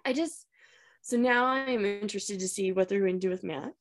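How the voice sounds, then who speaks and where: An upbeat woman co-hosts a podcast, reviewing a TV episode in easy, chatty talk. Her pitch sits in the ordinary middle range, and her sentences often trail off into quiet asides. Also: brisk. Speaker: podcast co-host. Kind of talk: casual chat reviewing a TV episode.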